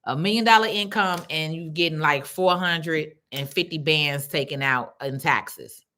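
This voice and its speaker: A middle-aged woman from Chicago hosts a casual livestream, chatting through viewer comments and reading them aloud. Her voice is low and her pace measured, though her manner is chatty and animated.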